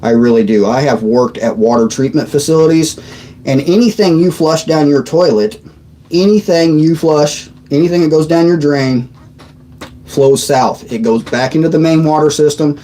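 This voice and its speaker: A man's voice: fairly high pitch, moderate pace, mellow, rough recording. A man in his thirties hosting a casual livestream chat from his desk, rambling and trailing off mid-sentence. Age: 30s. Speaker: livestream host. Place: at a desk on a squeaky old chair.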